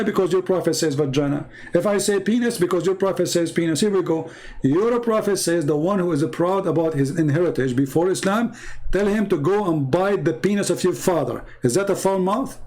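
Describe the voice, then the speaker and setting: A man's voice: high-pitched, a little mellow, poor audio. A man hosting a live-stream debate, reading out viewer comments and answering them in mocking, confrontational non-native English, firing rhetorical questions.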